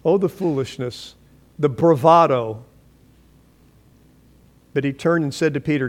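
A man preaching a sermon, reading scripture and acting out voices with animated delivery and frequent restarts. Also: a little high, measured pace, pauses often. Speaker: pastor.

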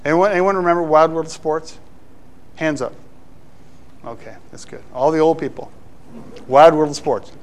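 A middle-aged man, a pastor, preaching a sermon with playful asides to the congregation. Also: on the high side.

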